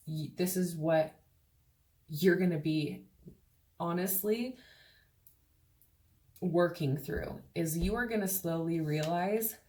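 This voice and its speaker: A woman gives a casual tarot reading in a fairly low, dark voice, speaking slowly and pausing often. She's frank and chatty, swears freely, and acts out the voices she quotes.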